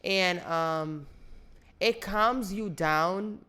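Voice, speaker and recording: A woman co-hosting a casual podcast chat, listening supportively and sharing her own experience haltingly. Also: fairly low pitch, a bit bright, clean tone. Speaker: podcast co-host.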